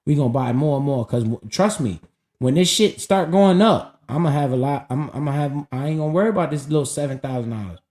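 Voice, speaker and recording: A man's voice: fairly high pitch, quick pace, darkish tone. A man streaming live, casually talking about investing in a profane, hyped and preachy way.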